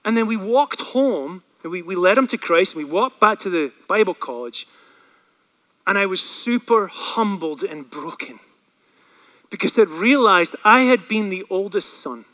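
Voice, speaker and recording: A man preaching a sermon and telling a personal story with animated energy. His voice is high and bright, and he moves quickly through his story. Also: low-quality recording. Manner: animated, fast storytelling with acted quotes.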